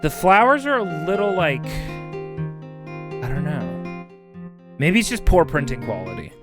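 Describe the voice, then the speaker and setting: A male streamer chatting casually on a livestream while high, rambling and swearing casually as he reads chat aloud. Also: big pitch swings, slow, music in the background.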